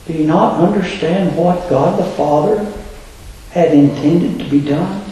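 A pointed, questioning teacher, as a preacher puts him on. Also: male voice, a little high, unhurried, mellow, a little hiss or hum, natural voice. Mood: challenging. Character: risen male teacher challenging two sad travelers. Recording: very echoey room.

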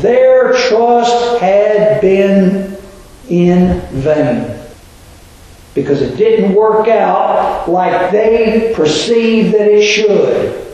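A man's voice: high-pitched, darkish tone. A man preaching a sermon in a church, asking his listeners rhetorical questions. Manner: rhetorical, asks the congregation questions. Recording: very echoey room.

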